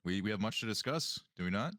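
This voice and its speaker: A cheeky young nobleman's son talks in a casual, easy manner, with a man playing him. The voice is very low. It is recorded dry and close. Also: animated, fast talker, pushed and bright, dry recording.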